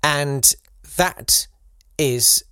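A man co-hosting a podcast, telling a history story in casual chat with lively delivery. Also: very slow, clean tone, dry recording, clean studio sound. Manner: animated, breaks into high-pitched silly voices for quoted people. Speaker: podcast co-host.

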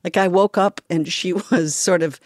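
A woman with a low voice hosts a conversational podcast. She speaks in a reflective, measured way and laughs easily. The sound is close and dry, with no room around it. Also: steady tone, no room sound. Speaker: podcast host.

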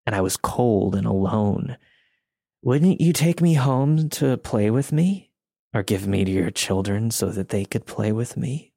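A man performs a creepy stranger in a storybook reading, dragging out his words in a slow, slurred drawl. He phrases things like a child and stays eerily calm. The voice sits low and dry, close to the mic. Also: vocal fry, no room sound, exaggerated voice. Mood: eerie.

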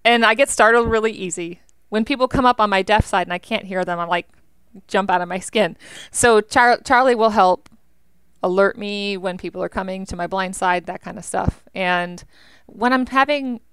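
A young American woman talks as an interview guest, chatty and animated, dropping plenty of "like". Her voice is very clear and smooth. It sits close and dry. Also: medium pitch, moderate pace, no echo. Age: young adult. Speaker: veteran guest. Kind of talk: interview conversation.

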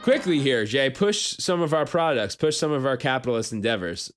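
A man in his thirties co-hosting a podcast, telling stories in a casual, animated way and laughing often. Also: mid-range voice, a little fast, music in the background. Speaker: podcast co-host.

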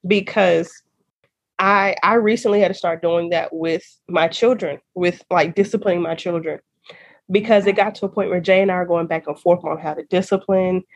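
A woman in her thirties hosting a faith podcast, talking in an animated, casual way and laughing often. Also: lowish voice, normal speed, muffled recording. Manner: animated, laughs often, uses y'all and girl. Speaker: podcast host. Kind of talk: casual chat.

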